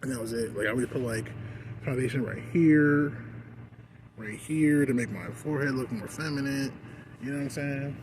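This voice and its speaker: A man's voice: mid-range voice, normal speed, background noise. A man ranting in a casual vlog, rambling and swearing constantly, with "like" in nearly every phrase. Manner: rambling, profane, constant "like" fillers.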